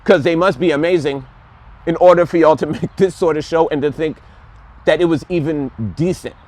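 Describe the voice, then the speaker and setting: A man's voice: fairly high pitch, steady tone, moderate pace, darkish tone. A man giving a casual, rambling and sarcastic review of a TV show, plainly exasperated.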